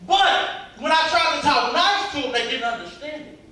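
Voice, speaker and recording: A man, preaching to young people in a relaxed, conversational way and acting out the voices of the people in his stories. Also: very high voice, normal speed. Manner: conversational preaching, acts out quotes. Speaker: youth pastor. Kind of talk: preaching to youth. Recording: echoey hall, voice from far off, faint noise.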